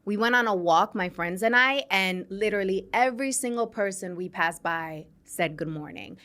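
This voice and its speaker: Woman host, 30s, from New York City. Animated, conversational, laughs easily. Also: medium pitch, moderate pace. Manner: chatty and animated, laughs often, addresses listeners directly. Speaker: podcast host. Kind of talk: casual storytelling monologue. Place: studio.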